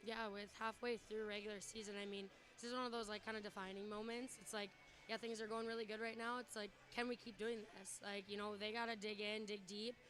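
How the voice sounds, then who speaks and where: A woman's voice: medium pitch, level tone, quick pace, a bit bright, soft background music. A woman volleyball coach in a post-game interview, out of breath and talking casually with many fillers.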